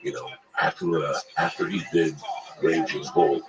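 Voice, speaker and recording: A man's voice: very deep voice, level tone, normal speed, a crowd in the background. A man casually telling rambling, profane stories about acting work.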